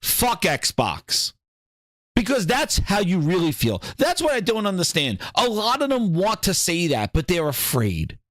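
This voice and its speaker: A man's voice: high voice, big pitch swings, normal speed, few pauses, a bit bright, dry recording, studio quality. A man hosting a gaming channel, delivering a heated, profanity-laced solo rant.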